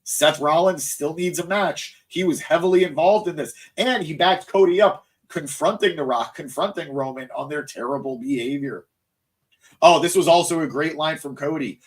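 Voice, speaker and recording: A man's voice: a little high, moderate pace. A man hosting a live wrestling recap stream, rambling and easily sidetracked as he reacts to chat, sounding tired. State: tired, voice cracking. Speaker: wrestling show host.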